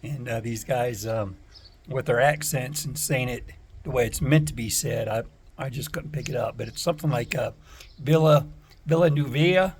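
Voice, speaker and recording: A man vlogging casually from outdoors on a store porch, talking in a relaxed, halting way with many pauses and fillers. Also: mid-range voice. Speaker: travel vlogger on a bike trip. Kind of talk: casual vlog.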